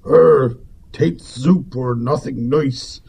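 Gravel-voiced yokel animal for an audiobook; husky, folksy talk. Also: male voice, mid-range voice, extremely slow, warm tone, pitched above the performer's own voice, exaggerated voice. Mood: gruff. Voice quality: gravelly, broad country dialect. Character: gruff rustic male woodland creature.

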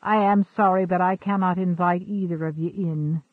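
A man voicing a calm, steadfast Quaker farmer. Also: sits high, moderate pace, no room sound, phone-quality sound, lightly acted. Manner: calm, courteous, archaic thee-and-thou speech.

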